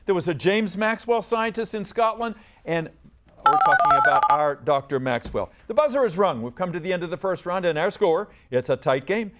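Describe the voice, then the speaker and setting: A man's voice: high-pitched, animated, moderate pace, a bit bright, slight background noise. A man hosting a school science quiz show on TV, upbeat and coaxing as he reads questions and encourages the students.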